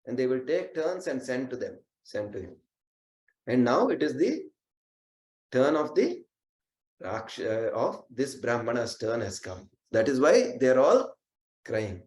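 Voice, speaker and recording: A man's voice: mid-range voice, very animated, measured pace, darkish tone. Male devotional storyteller, earnest, recites verses, mid voice, echoey room. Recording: roomy echo.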